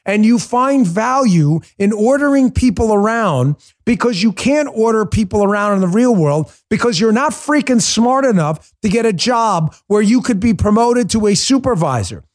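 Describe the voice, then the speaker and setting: A man's voice: high-pitched, expressive, normal speed, few pauses. A man hosting a political podcast, delivering a combative, mocking monologue.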